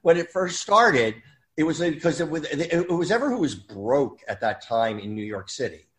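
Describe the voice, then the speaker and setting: A man in casual chat, telling anecdotes in a rambling, animated way. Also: fairly high pitch, normal speed, rough recording.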